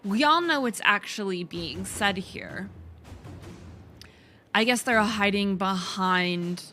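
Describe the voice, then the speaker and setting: A woman's voice: mid-range voice, lively intonation, slow, bright, forceful tone, soft background music. A woman streaming a video game, chatting casually as she thinks aloud, laughing and swearing often. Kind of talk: casual gameplay commentary.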